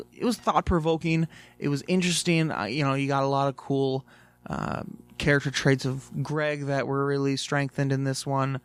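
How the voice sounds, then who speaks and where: A man's voice: medium pitch, clean tone, no room sound. A young man casually reviewing a TV episode, rambling with lots of fillers and swearing freely.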